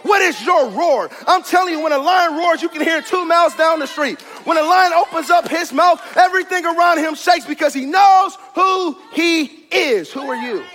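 High-voiced pastor preaching fiery sermon. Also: male voice, normal speed, few pauses, long reverb tail. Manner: fiery, rhythmic preaching with shouted climaxes. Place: church sanctuary.

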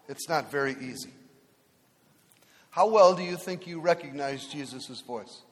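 A man preaching a sermon as pastor, telling humorous stories and acting out voices in them. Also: sits high. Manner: storytelling, acts out voices in anecdotes. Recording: long hall reverb.

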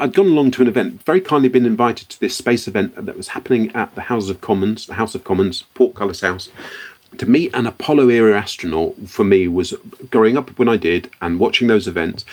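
Brief: middle-aged British man, low voice, reflective guest storyteller who restarts his sentences. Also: fairly quick, darkish tone. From Britain. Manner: reflective, frequent restarts and repeated words. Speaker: guest, company founder. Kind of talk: podcast interview storytelling.

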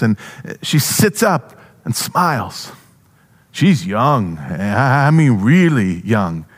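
A male pastor giving a first-person storytelling sermon, animated with halting restarts. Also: mid-range voice.

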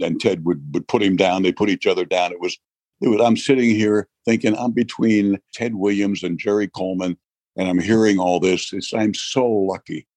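A storytelling interview features an older New York man, a retired baseball broadcaster, as its guest. His low, husky voice brings his tales to life as he laughs and imitates people. There is no echo.

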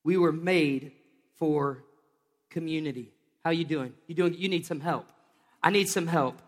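A man preaching a lively sermon from a church stage, joking with volunteers between points. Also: a little high, a little slow, long reverb tail. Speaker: pastor.

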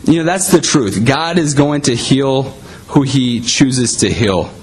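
A man's voice: medium pitch, lively intonation, takes it slowly, a little hiss or hum, rough recording. A man preaching a sermon in a conversational way, often saying "you know".

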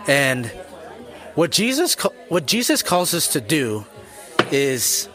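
A man's voice: fairly high pitch, wildly swooping pitch, takes it slowly, a bit bright, soft background music, a faint crowd. A man hosting a Christian podcast, explaining scripture in an earnest, preacherly way and speaking straight to the listener. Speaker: podcast host.

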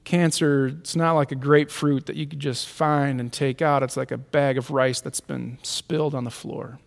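A man preaching a sermon as pastor, earnest, often dropping his voice very low and soft for tender lines. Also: flat delivery, normal speed, creaky, big-room sound.

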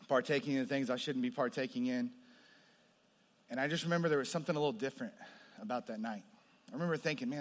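A man preaching a testimony sermon, moving between hushed storytelling and loud, impassioned passages. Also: mid-range voice. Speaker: pastor. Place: large hall with audience. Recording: long hall reverb.

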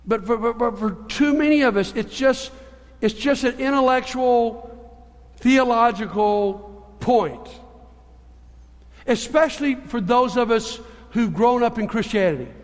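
A man preaching a sermon as a pastor, telling stories in an animated way and moving between hushed and emphatic delivery. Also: very high-pitched, a little slow, in a large hall. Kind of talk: sermon with storytelling.

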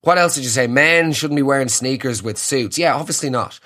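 A man's voice: mid-range voice, brisk, pushed and bright. Sarcastic Irish man ranting. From Ireland. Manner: sarcastic, mocking, riffing. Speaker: podcast host. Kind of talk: comedic rant.

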